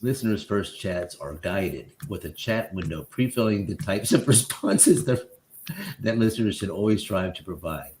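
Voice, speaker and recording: A man's voice: on the low side, expressive, moderate pace, a little mellow, a little hiss or hum. A man hosting a podcast, reading his own written account aloud and laughing often in between. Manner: laughs often while telling the story.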